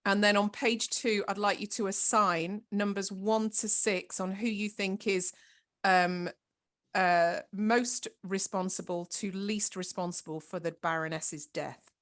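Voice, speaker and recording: A woman leads an online workshop in an encouraging, instructive way. Her voice sits at a middle pitch, and she talks participants through each task step by step. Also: steady tone, unhurried, fairly bright tone. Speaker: workshop facilitator. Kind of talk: online training session.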